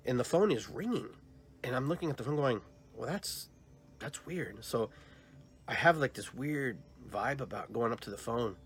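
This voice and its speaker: A man in his fifties hosting a podcast, rambling softly and heartfelt as he tells a personal story. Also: medium pitch, lively intonation, moderate pace, husky. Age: 50s. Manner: rambling, heartfelt, soft-spoken retelling of a dream. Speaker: podcast host.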